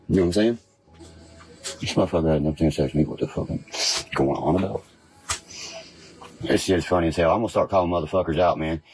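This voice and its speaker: A man's voice: deep voice, brisk, pauses often, a little mellow. A man on a casual livestream, rambling and swearing, who keeps asking "you see what I mean". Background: background music.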